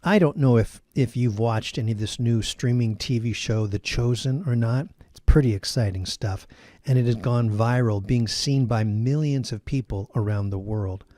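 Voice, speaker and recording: A male pastor giving an earnest, encouraging sermon in a steady teaching voice. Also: mid-range voice, normal speed, no echo.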